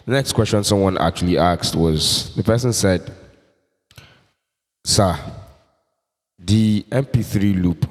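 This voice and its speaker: A man hosting a casual keyboard tutorial, explaining slowly and repeating points as he demonstrates loops. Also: low-pitched, a little mellow, in a large hall. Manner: slow, explanatory, repeats himself. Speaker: music tutorial host selling keyboard loops.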